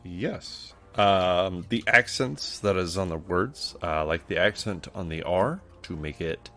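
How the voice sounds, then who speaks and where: A man's voice: deep voice, takes it slowly, a bit bright, soft background music. A man narrating a tabletop game as game master, describing scenes.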